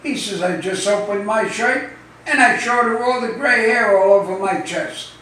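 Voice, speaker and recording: A high-voiced man tells dirty jokes, acting out each character's lines with punchy raised delivery. He sounds far from the mic in a very echoey room, with faint noise behind him. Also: moderate pace, bright, forceful tone. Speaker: joke teller.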